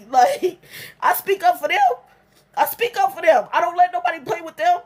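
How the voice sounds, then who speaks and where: A young adult woman speaks in a high register, delivering a raw, emotional venting monologue. She is blunt and profane and circles back to repeat her points. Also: animated, moderate pace. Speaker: vlogger.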